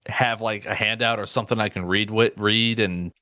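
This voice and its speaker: A man's voice: on the low side, steady tone, moderate pace, sharp tone, no room sound, studio quality. A man hosting a podcast as its game master, chatting casually, swearing easily and saying "you know" a lot.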